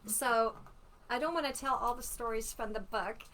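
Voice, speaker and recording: Woman, 60s, slightly high voice, chatty livestream storyteller, faint room noise. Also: moderate pace. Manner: chatty and animated, warm with viewers. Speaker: author hosting a live book launch. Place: at home.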